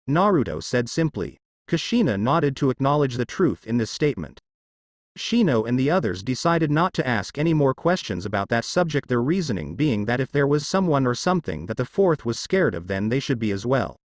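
Man reading fan fiction, animated pitch, dry close sound. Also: a little fast, dry recording.

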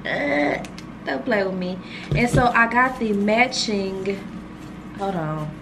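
Filmed handheld, this vlogger chats casually as she unboxes gifts and gushes to her audience. Her voice is medium in pitch and slow, set against a noisy background.

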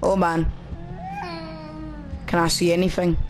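A man's voice: on the high side, completely flat delivery, a little slow, noisy background. A man commentating on a horror game as he plays, talking to himself in a nervous, frightened way. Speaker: gaming channel host.

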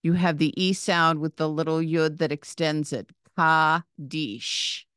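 A woman's voice: deep voice, fairly even intonation, takes it slowly, fairly bright tone, smooth, no echo, clean studio sound. A woman giving a patient reading lesson, saying each word, spelling out its letters and vowel sounds, then repeating it. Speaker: Hebrew reading teacher.

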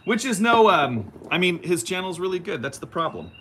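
A middle-aged man talks casually on a live stream, full of rambling asides and self-teasing jokes. His voice is bright and lively, swinging up and down a wide range. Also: sits high, normal speed, a little hiss or hum. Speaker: YouTube vlogger hosting a live stream. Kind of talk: casual live-stream chat, reading viewer comments.

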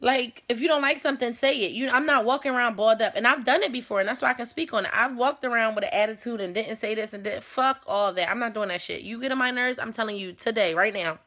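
A woman's voice: fairly high pitch, quick pace, hardly any pauses. Blunt, profane young woman hosting. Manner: blunt, animated, profane and confrontational. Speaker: talk show host. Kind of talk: casual unscripted talk show monologue.

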